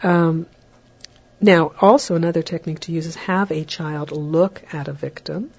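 A woman lectures on raising children in a relaxed, chatty way, now and then slipping into a sing-song voice to show what a parent might say. Her voice sits low and sounds mellow and a bit husky. The recording is dull and lo-fi. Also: moderate pace. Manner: warm, chatty, acts out parent lines in a lilting higher voice. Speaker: parenting educator.

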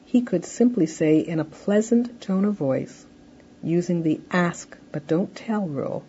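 Husky-voiced woman teaching parents. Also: lowish voice, expressive, measured pace, mellow, muffled recording. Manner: explains patiently, acts out example dialogues. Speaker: parenting educator. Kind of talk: instructional talk.

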